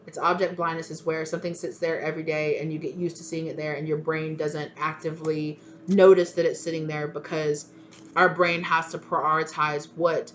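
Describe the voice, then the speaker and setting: A woman's voice: sits low, level tone, moderate pace, fairly bright tone, slight background noise. Chatty rambling woman reading tarot. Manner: rambling, chatty, full of fillers and restarts. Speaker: tarot reader. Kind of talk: casual spoken tarot reading.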